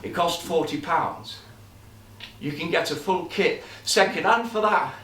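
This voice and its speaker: Man doing a quiet weary dad. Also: a little high, unhurried, roomy sound, recorded from a distance, a little hiss or hum. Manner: subdued, mild. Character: quiet, weary working father. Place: live stage show.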